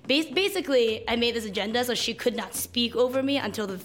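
A woman's voice: on the high side, animated, fast talker. A woman telling her personal story casually, with fillers. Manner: chatty with fillers. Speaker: interviewee sharing her story.

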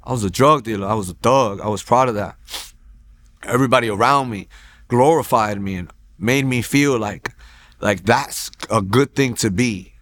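A man telling his personal faith testimony at a church, in a casual, animated storytelling way that acts out quoted lines, with frequent restarts. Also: mid-range voice, moderate pace, no echo. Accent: Texan. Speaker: testimony speaker.

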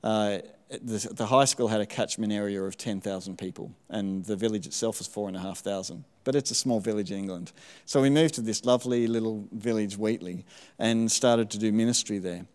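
A middle-aged man giving a sermon testimony in church, telling his story in a relaxed, self-deprecating way with frequent ums. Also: fairly low pitch, brisk, in a large hall. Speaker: church speaker sharing testimony.

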